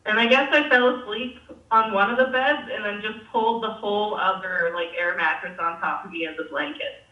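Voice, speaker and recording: A woman's voice: medium pitch, normal speed. A young woman telling a story in casual chat, swearing freely and laughing as she goes. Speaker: guest. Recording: roomy, distant, dull sound.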